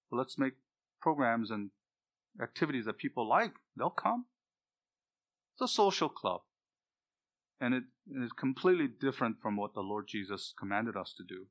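A man preaching a sermon with passion and strong emphasis, building to loud peaks on key points. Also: mid-range voice.

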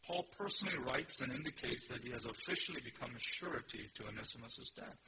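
A man preaching an expository sermon, emphatic, with sudden rises in pitch and loudness. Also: lively intonation, fast talker. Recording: noisy recording.

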